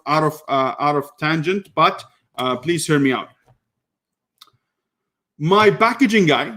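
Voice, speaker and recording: Animated man telling business stories. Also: fairly high pitch. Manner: animated storyteller, many restarts, voice rises when annoyed. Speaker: online business educator. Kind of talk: casual talk to camera.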